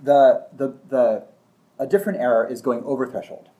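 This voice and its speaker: A man's voice: mid-range voice, fairly even intonation, normal speed, warm tone. A man giving a casual teaching talk, thinking aloud with frequent restarts and acting out short examples.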